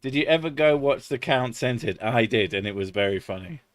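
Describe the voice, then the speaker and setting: A man's voice: medium pitch, lively intonation, a little fast, no room sound. A man chatting casually on a live stream, swearing freely and laughing often.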